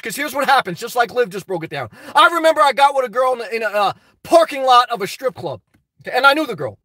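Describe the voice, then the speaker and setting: A man's voice: extremely high pitch, sharp tone, no echo. A man chatting casually on a live stream, reading viewer comments aloud, rambling and laughing often as he talks straight to his audience. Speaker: vlogger reading live chat.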